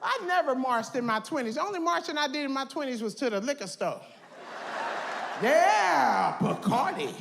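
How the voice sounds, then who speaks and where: A woman, doing stand-up and shouting brashly at the audience. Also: high-pitched, expressive, quick pace, few pauses. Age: 50s. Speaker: stand-up comedian. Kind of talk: stand-up comedy. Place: large live comedy venue. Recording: echoey hall, roaring live crowd, noisy.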